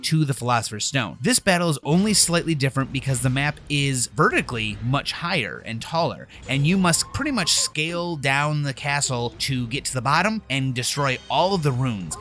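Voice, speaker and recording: A man's voice: medium pitch, animated, brisk, few pauses, a bit bright. Man, game channel host, casual voice-over, offhand, chatty, mild swearing.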